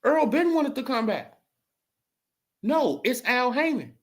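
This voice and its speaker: Hosting a laid-back boxing commentary stream, a man speaks loosely and repetitively, ending lines with a rhetorical "right?". He has an extremely high pitch, is very animated, and talks at a slow pace.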